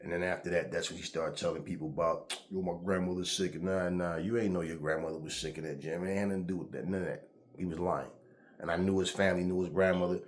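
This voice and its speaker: A man's voice: deep voice, fairly even intonation, fast talker, a little hiss or hum. A man, a boxing trainer, telling a story to camera in a casual, profane, emphatic way. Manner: profane, emphatic, and acts out the scenes he describes. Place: indoors, seated in front of a camera.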